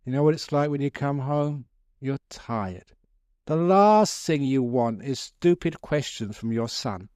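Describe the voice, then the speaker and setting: A Buddhist monk gives a light, joking talk to a gathered audience, mixing asides and chuckles into his teaching. His voice is smooth and clear at a middle pitch, recorded dry and close with almost no room sound. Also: expressive, measured pace, darkish tone, no echo. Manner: jokey, chuckling, conversational. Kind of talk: humorous storytelling dharma talk.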